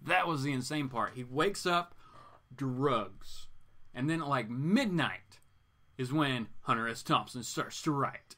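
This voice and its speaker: A man's voice: mid-range voice, animated, a little slow, pushed and bright. A man hosting a casual live comics show, rambling through his thoughts and chatting back to viewers' comments. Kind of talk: casual live-stream chat.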